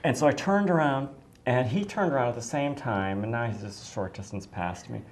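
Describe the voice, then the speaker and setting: A woman's voice: very deep voice, brisk, a little mellow, a little hiss or hum. A middle-aged woman from the United States casually telling a personal story, effusive and rambling, with many restarts and fillers.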